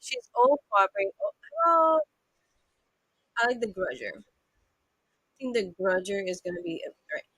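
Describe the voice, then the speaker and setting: A woman's voice: mid-range voice, sing-song, normal speed, long pauses, a bit bright, no echo, low-quality recording. A playful woman chatting her way through a video game, reading screens aloud and breaking into little hums. Her voice sits in the middle, recorded close on a mic with a dry, dead sound. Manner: playful, chatty, sings to herself. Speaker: gamer. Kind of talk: let's play commentary.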